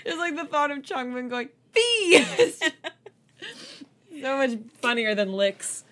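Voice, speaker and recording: A woman's voice: sits high, expressive, normal speed, fairly bright tone. A woman co-hosting a podcast, chatting casually and laughing a lot while she tells a story. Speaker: podcast co-host. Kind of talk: casual chat.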